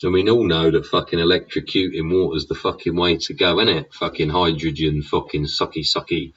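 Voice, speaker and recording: A man's voice: sits low, fairly even intonation, a little fast, fairly bright tone, husky, distant mic. An English man in a sweary, sneering political rant, throwing in "yeah?" and "innit?" as he goes. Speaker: vlogger. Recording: dull sound, away from the mic.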